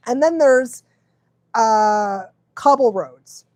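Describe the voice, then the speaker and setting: A woman's voice: a little high, expressive, very slow, darkish tone, no echo. A woman dog trainer chatting casually on a livestream, laughing often and fumbling her words now and then.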